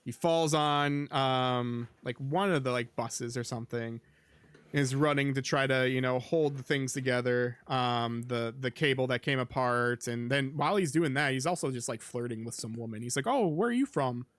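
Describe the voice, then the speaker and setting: A man hosts a casual podcast and rambles through a film recap, padding it with fillers. His voice is smooth and clear at a middle pitch. The sound is dry and close. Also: fairly even intonation, normal speed, a bit bright, no echo. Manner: rambling, filler-heavy, with many ums and likes. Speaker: podcast host.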